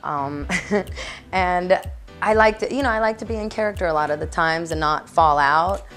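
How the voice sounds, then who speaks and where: A woman's voice: lowish voice, moderate pace, a bit bright. A young adult woman, an actress, chatting in an interview in a bubbly, playful way with frequent laughs. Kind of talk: casual interview answers. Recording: music playing behind.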